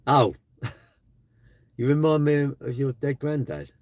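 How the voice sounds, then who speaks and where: A man's voice: medium pitch, lively intonation, slow, darkish tone, no echo. A man hosting a live stream, chatting bluntly and casually with his viewers. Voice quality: blunt, chatty, slangy delivery.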